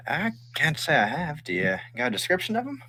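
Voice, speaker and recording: A man's voice: fairly high pitch, wildly swooping pitch, fairly quick, sharp tone, no room sound, pitched above the performer's own voice, full character voice. A man voicing a friendly, chatty young male tiefling butcher in a tabletop game. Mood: curious.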